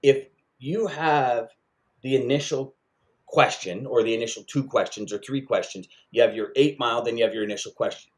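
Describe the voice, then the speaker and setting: A man's voice: mid-range voice, normal speed. A man co-hosting a casual sales podcast, talking with energy and repeating points for emphasis. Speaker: podcast co-host.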